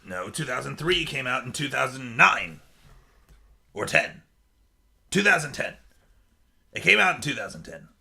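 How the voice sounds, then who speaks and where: Man playing a pirate captain, gravelly bright voice, lively pitch, keeps saying aye. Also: unhurried, long pauses, full character voice. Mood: chatty. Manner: peppers talk with pirate "aye" and "yar". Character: male pirate captain, jovial and bloodthirsty. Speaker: podcast co-host. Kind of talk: costumed casual chat.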